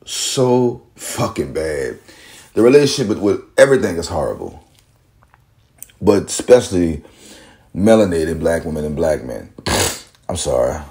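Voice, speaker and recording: A man's voice: sits low, darkish tone. A man vlogging while walking down a street, giving a blunt, profane, rambling monologue.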